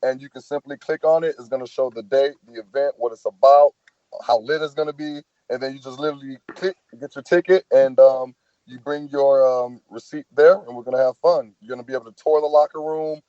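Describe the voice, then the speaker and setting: A man's voice: medium pitch, fairly even intonation, a little fast, mellow, dry recording, muffled recording. A man with a Southern US accent, a football player talking casually on a podcast and telling stories with lots of "man" and "you know". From American South. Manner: laid-back, storytelling, says "man" often.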